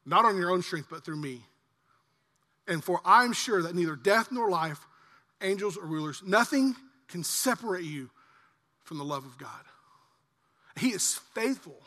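An earnest pastor in his forties delivers a sermon in a high, bright voice. He builds louder through emphatic lists and slows down to stress his key points. His voice rings with the long reverb of a church hall. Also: animated.

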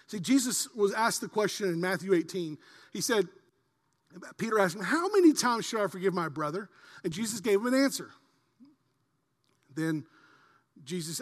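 A man, a pastor preaching a sermon in a large church, dropping to quiet earnest asides and rising to loud impassioned peaks. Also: high-pitched, big-room sound.

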